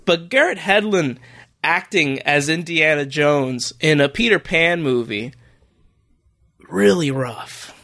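A man's voice: fairly high pitch, lively intonation, slow, pushed and bright. Rambling man reviewing a movie. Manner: rambling, incredulous, lots of fillers. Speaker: podcast co-host. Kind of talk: casual movie review chat.

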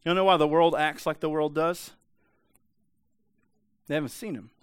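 A man preaching a lively, emphatic sermon. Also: a little high, moderate pace, clear, resonant tone, dry recording, clean studio sound. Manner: emphatic, conversational preaching with rhetorical questions. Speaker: pastor.

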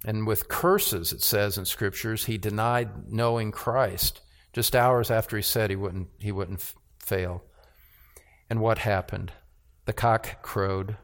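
A man preaching a sermon as pastor, earnest, with repeated words and rhetorical questions. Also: on the low side.

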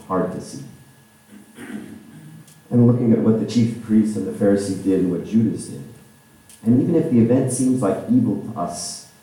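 A man's voice: low voice, dark tone, heavy reverb, far from the mic, low-quality recording. A man preaching a sermon in a conversational way, often checking in with the listeners. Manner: conversational, with frequent "right?" asides.

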